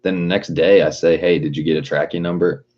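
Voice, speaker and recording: A man's voice: deep voice, steady tone, quick pace, highs cut off, soft background music. A man talking casually on a livestream, ranting in a rambling, profane way and reading out chat messages.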